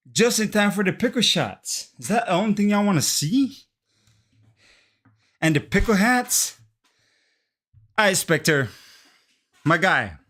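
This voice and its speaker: A young man streaming live in casual chat, excitable and swearing freely, calling everyone bro and dropping in Spanish phrases. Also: sits high. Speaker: livestreamer.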